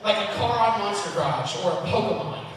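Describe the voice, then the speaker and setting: A man doing a loud, profane, self-mocking stand-up set on a comedy club stage, with big shouted punchlines. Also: high voice, animated, a little fast, very echoey, big-room sound, distant mic, crowd noise, low-quality recording.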